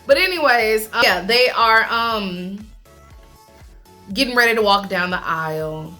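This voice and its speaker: A woman chatting casually as she recaps a reality show, animated, laughing often and talking with lots of fillers. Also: mid-range voice, measured pace, soft background music.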